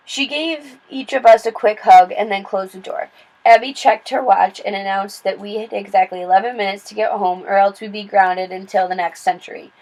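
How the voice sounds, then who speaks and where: A woman's voice: medium pitch, normal speed, low-quality recording. Woman reading a children's novel aloud. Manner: steady, plain storytelling with small slips and restarts. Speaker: read-aloud narrator.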